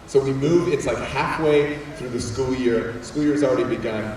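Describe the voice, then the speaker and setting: A young man from Puerto Rico, whose first language is Spanish, giving an animated comic story talk to a school assembly. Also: mid-range voice, normal speed. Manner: animated, jokey, quotes people in voices. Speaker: guest speaker. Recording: echoey hall, distant mic, faint room noise.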